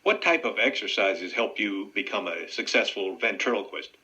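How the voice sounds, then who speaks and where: A man's voice: fairly low pitch, animated, normal speed, bright, forceful tone. A man who hosts a radio interview, asking plain and direct questions. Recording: dull lo-fi radio audio.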